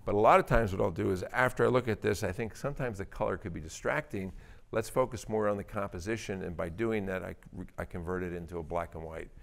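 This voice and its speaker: A man's voice: low-pitched, fast talker, gravelly. A man giving a conversational presentation, explaining the stories and thinking behind his landscape photographs with casual fillers. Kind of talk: presentation talk.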